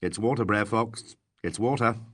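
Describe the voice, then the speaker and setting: A man voicing a calm, wry police inspector in a classic mystery audiobook. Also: on the low side, normal speed, slightly rough.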